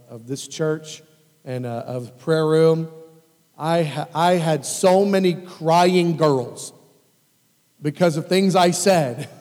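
A man preaching a sermon as a pastor, emphatic and animated, repeating phrases for weight. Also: a little high, long reverb tail.

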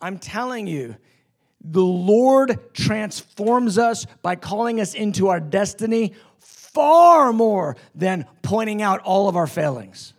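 A man preaching a sermon with passion, acting out quoted lines and swinging between loud declarations and hushed tones. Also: sits high, lively intonation, slow.

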